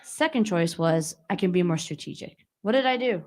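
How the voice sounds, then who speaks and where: A woman's voice: on the low side, lively intonation, normal speed, a little mellow. A young adult woman giving a conversational talk to an audience at a community center, telling a personal story and often asking the listeners questions. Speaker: guest speaker. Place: community hall.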